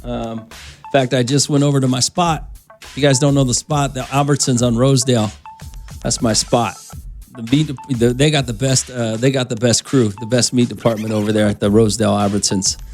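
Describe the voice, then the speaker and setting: A man's voice: mid-range voice, steady tone, brisk, darkish tone, faint music behind. A man hosting a morning radio show, chatting casually and rambling as he talks straight to his listeners from the studio.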